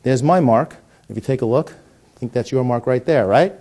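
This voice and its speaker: Warm and medium-pitched at a moderate pace, a middle-aged man's voice delivers jokey coin-trick patter before he explains the method. He tends to stammer and start over.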